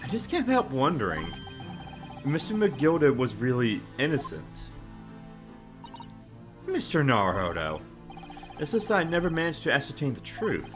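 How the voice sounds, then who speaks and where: Brief: man doing a polite, anxious young male lawyer, very animated pitch. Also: moderate pace, pauses often, music in the background. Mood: uneasy.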